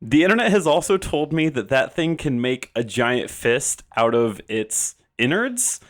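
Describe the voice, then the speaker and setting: A man's voice: mid-range voice, measured pace. Podcast guy riffing, bouncy up-and-down voice, swears a bit. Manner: animated, swears, laughs while explaining picks. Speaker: podcast co-host. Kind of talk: casual comedic chat.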